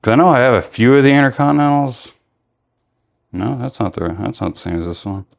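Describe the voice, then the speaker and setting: A man's voice: mid-range voice, animated, a little fast, creaky. A tired man chatting casually through a toy unboxing, rambling with lots of fillers and self-corrections. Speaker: toy reviewer.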